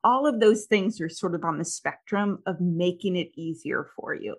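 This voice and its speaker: Brief: middle-aged woman host, lowish voice, candid and animated, casual chat. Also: normal speed, husky. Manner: candid, animated storytelling with lots of "like". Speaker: podcast host. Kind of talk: casual conversation.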